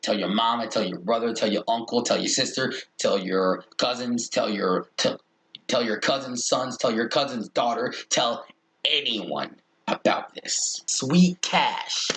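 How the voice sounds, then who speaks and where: Male streamer, mid pitch, slow taunting chant, profane. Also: fairly bright tone.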